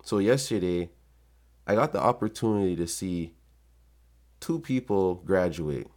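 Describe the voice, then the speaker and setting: A man with a low, deep voice speaks in a loose, heartfelt vlog monologue. He is earnest and emotional, swearing freely as he talks. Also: expressive, a little slow, a little mellow. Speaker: vlogger.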